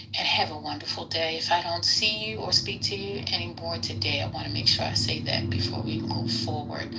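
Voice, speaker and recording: A woman's voice: on the low side, noisy background. A woman hosting a casual live audio room, chatty and hesitant with frequent ums. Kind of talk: casual chat.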